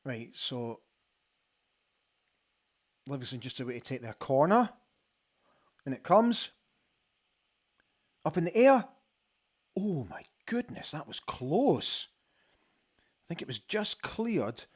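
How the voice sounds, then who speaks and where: A Scottish man hosting a live football watch-along from a studio, reacting excitedly to the play and chatting about viewers' comments. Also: on the high side, slow, long pauses.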